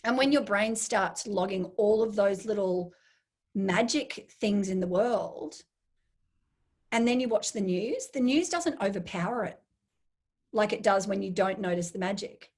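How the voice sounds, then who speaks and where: A woman's voice: mid-range voice, unhurried. A woman, a make-up artist from Australia, chatting as an interview guest and acting out inner voices as she tells stories. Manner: animated storyteller, acts out inner voices. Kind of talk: casual interview chat.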